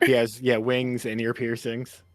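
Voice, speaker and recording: A man running a tabletop game as game master over an online call, relaxed and halting with many fillers. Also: mid-range voice, dry recording, faint music behind.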